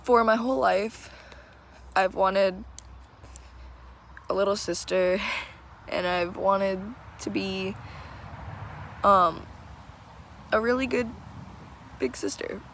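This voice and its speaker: A teenage girl pours out her feelings in a slow, unhurried confessional, pausing often to find her words. Her voice sits in a gravelly vocal fry, with a faint hiss of noise behind it. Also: mid-range voice, a bit bright, low-quality recording. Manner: halting, searching for words, tearful. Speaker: vlogger. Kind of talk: emotional personal confession.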